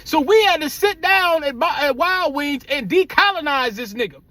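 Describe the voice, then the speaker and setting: Brief: very high-pitched man, dry close sound, blunt profane storyteller. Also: normal speed, dry recording. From United States. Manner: blunt, profane, animated retelling with acted quotes. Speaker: vlogger. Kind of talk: casual storytelling rant.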